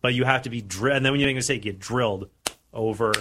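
Casting: forties male co-host, bright forward tone, easygoing radio banter. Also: medium pitch, rapid-fire, a little hiss or hum. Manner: talkative, restarts and jokes. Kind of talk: casual radio chat.

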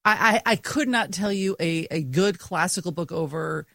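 A woman's voice: lowish voice, moderate pace, creaky, no room sound, clean studio sound. A middle-aged woman co-hosting a podcast, telling stories animatedly with lots of fillers and frequent laughter. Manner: animated storytelling, laughing often, filler-heavy. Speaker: podcast co-host. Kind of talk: casual conversation.

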